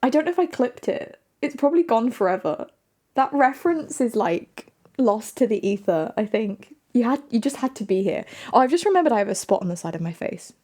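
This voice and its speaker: A woman streamer with a slightly high voice chats through a casual livestream. She is playful, laughs a lot and keeps answering her viewers. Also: sing-song, a little fast, darkish tone.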